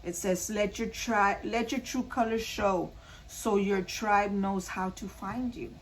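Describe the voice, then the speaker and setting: A woman's voice: mid-range voice, fairly even intonation, slow, slight background noise, poor audio. A woman doing a casual spoken tarot reading, talking straight to her viewers and repeating her points earnestly. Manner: repetitive, earnest, addresses viewers directly. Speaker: tarot card reader.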